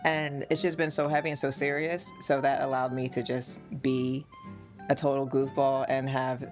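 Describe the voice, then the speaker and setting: A woman from the United States, a podcast host and mother, telling family stories in an animated, casual way and laughing often. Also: a bass voice, normal speed, soft background music.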